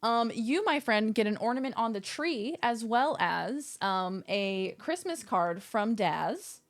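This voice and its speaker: This young adult streamer chats with her audience from her home setup, her talk meandering and playful, dotted with silly asides. Her voice is a little high with lively intonation, and she speaks slowly.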